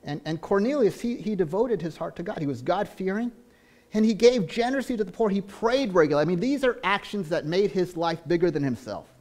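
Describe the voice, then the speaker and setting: A man delivers a sermon as a pastor in a high, animated voice at a brisk pace. Earnest, he often repeats words and restarts, moving between loud stretches and hushed ones.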